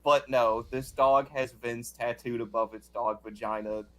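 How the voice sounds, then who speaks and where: A man with a middle-pitched voice recounts things in a measured, even way during casual chat.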